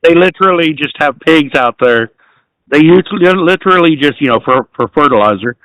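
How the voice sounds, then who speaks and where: Missouri guy co-hosting a podcast, kinda high bright voice, dry sound, says yeah a lot. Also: animated, brisk, no echo, rough recording. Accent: Southern Missouri. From Southwest Missouri, USA. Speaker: podcast co-host. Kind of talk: casual live podcast chat.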